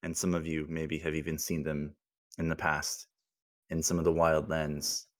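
A man's voice: very deep voice, completely flat delivery, normal speed. A man narrating a tabletop role-playing game as game master, with descriptive scene-setting and laughing asides.

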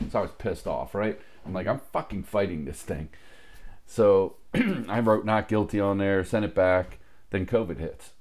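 A man with a very low, deep voice tells a long story in casual chat. He swears freely and acts out what everyone said. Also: normal speed. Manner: profane, animated anecdote-telling with quoted dialogue.

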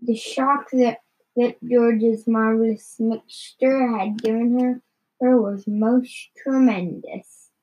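A woman reading a children's story aloud in a halting way, often stumbling and repeating words. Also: on the high side, steady tone, a little mellow, husky, low-quality recording. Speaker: reader.

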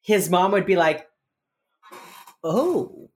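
A woman with an unusually low-pitched voice chats casually as a podcast co-host. She rambles with lots of fillers, swears freely and slips into acted-out quotes. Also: animated, moderate pace. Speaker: podcast co-host recapping a TV episode. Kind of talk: casual chat.

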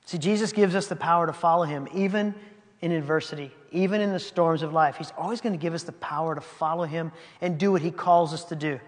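A man's voice: fairly high pitch, quick pace. A man preaching a sermon, reading scripture aloud and commenting on it in a conversational way with laughing asides. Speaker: pastor. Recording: long hall reverb.

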